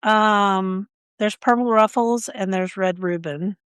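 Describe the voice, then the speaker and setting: A woman's voice: medium pitch, slow, fairly bright tone, smooth, no echo, studio quality. A woman co-hosting a gardening podcast, chatting casually and telling stories with frequent laughs. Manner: chatty, storytelling, laughs often. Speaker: podcast co-host.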